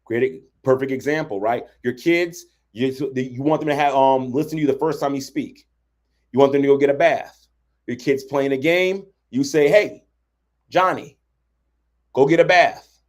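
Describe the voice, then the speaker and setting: This relationship coach's voice is medium-pitched with a darkish tone, and he moves at a moderate pace. Over a livestream he explains boundaries conversationally, often checking in with "right?".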